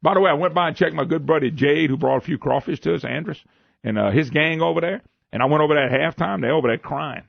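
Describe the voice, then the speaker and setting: A man's voice: a little high, quick pace, vocal fry, no room sound. A man hosting a radio talk show, telling a story with lots of laughter and retold quotes. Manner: animated storytelling, laughing, retelling his own quotes. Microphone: studio microphone. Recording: muffled radio broadcast audio.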